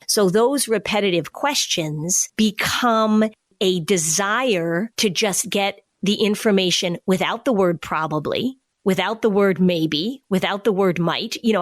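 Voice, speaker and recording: Woman podcast host explaining stuff, mid pitch, dry close mic. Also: no echo. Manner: explanatory, acts out kids' questions. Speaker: podcast host, anxiety expert. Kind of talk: casual podcast chat.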